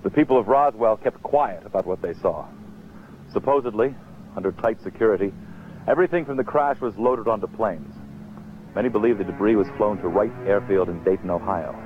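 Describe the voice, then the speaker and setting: A man giving scripted documentary narration in a measured, grave manner. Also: lowish voice, soft background music. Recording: dull lo-fi TV audio with faint noise.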